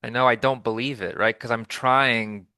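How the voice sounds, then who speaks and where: A man in a speech therapy session who talks haltingly and repeats words. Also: medium pitch, steady tone, bright, forceful tone. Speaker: client who stutters.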